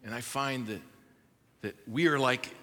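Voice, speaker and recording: A man's voice: mid-range voice, a little slow, fairly bright tone. A man preaching a sermon as pastor, pleading with his congregation with urgent repetitions. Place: church service before a congregation. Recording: long hall reverb.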